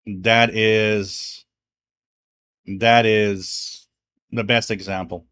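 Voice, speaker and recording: A French Canadian man, a native French speaker, hosts a live stream as a radio host, his mid-range voice a bit bright, measured in pace, studio quality with no echo. He chats casually, reads viewer comments aloud, and laughs often between fillers like "you know".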